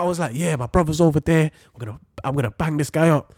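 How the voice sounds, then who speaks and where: A man's voice: on the high side, fast. A young man, chatting casually and telling stories with lots of slang. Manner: animated storytelling with slang, laughs often. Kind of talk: casual chat.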